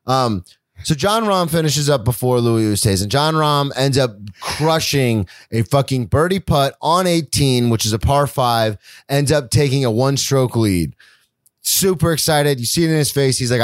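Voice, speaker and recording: A young man holds forth in a loose, rambling way on a casual sports podcast, dropping the odd swear word. His voice sits at a middle pitch. The sound is dry and close, with no room around it. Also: animated, moderate pace, no echo. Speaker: podcast co-host.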